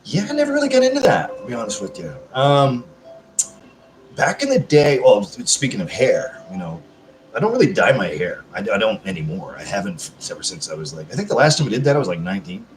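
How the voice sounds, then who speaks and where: A man's voice: fairly low pitch, big pitch swings, brisk, slight background noise. A man hosting a casual live chat, rambling, swearing freely and answering viewer comments. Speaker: livestream host. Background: background music.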